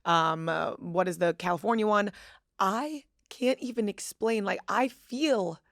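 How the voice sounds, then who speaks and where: A woman from Boston hosting a podcast, chatting casually with a co-host, gushing excitably and swearing freely. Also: medium pitch, a little slow, vocal fry, no echo, studio quality. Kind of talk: casual chat.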